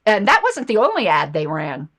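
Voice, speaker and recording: A woman's voice: mid-range voice, huge pitch swings, moderate pace, a bit bright. A woman hosting a political commentary show, talking casually and reacting to viewer comments and ads. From United States.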